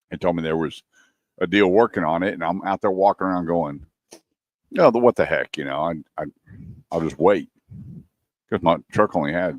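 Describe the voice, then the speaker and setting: A man co-hosting a radio show, telling a lively story and acting out what people said. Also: low voice, no echo. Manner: animated storyteller, acts out quotes. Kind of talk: casual radio chat and storytelling.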